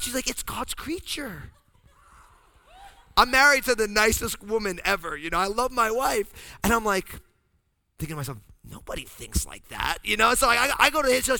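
Gravelly-voiced bright storytelling pastor. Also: male voice, high-pitched, brisk, no room sound. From New Jersey. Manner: animated, acts out voices in his story. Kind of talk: storytelling sermon.

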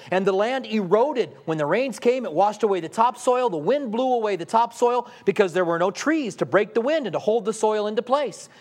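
Male pastor with a high voice, preaching in a chatty style, full of rhetorical questions. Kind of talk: sermon.

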